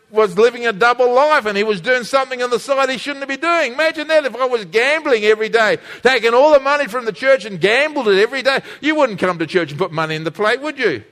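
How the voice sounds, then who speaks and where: A man preaching a sermon to his congregation, animated and engaging, calling on them to read along and repeat words. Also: very high voice, a little fast, few pauses, big-room sound. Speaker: pastor.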